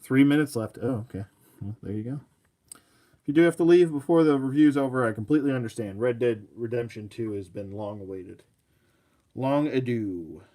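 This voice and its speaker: A man's voice: medium pitch, moderate pace, mellow. A man hosting a live action figure review, talking casually in a rambling, self-mocking way and chatting back to viewers.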